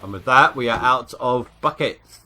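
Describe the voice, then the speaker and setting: With a medium-pitched, bright and forceful voice at normal speed, a man chats casually while streaming a video game live. His commentary is rambling and jokey as he thinks aloud about his progress.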